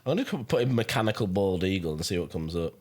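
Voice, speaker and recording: A man's voice: deep voice, animated, fast talker. A man hosting a casual podcast chat, teasing and swearing as he laughs along. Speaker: podcast host.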